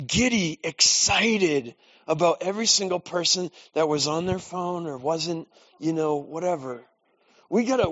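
A man's voice: on the high side, a bit bright, dry recording. Conversational male preacher, dry lo-fi sound. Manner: conversational storytelling preaching, with self-deprecating asides. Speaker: pastor. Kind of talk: sermon. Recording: dull lo-fi dry recording.

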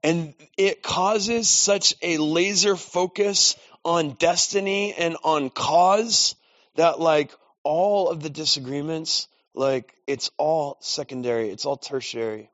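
A man's voice: a little high, slow pace, a bit bright, no room sound. A man preaching in a casual, storytelling way, with self-deprecating asides. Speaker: pastor. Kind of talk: sermon. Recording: dull lo-fi dry recording.

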